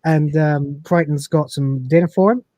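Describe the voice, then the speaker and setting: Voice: mid-range voice, moderate pace, no room sound, clean studio sound. A podcast host from the UK casually recapping a TV episode, quoting lines and laughing along. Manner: animated storyteller, quotes dialogue with a laugh.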